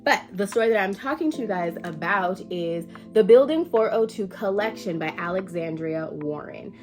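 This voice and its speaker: A woman's voice: medium pitch, normal speed, music in the background. A woman with a stuffy, nasal voice from allergies, chatting casually and playfully to her viewers about her book collection, with the odd swear word. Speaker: book vlogger. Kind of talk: casual chat to camera.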